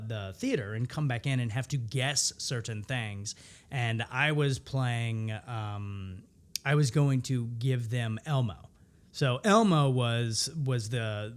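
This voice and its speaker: A man in his thirties, an improviser, telling stories in a casual interview and acting out quoted lines in a higher voice. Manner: animated storyteller, acts out quotes in a higher voice. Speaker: improviser guest.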